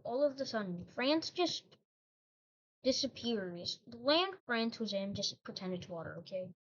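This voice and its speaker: A woman's voice: a little high, big pitch swings, a little slow. A woman host telling a made-up history story in a casual, rambling way, breaking off into joking asides. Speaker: channel host. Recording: dull lo-fi recording.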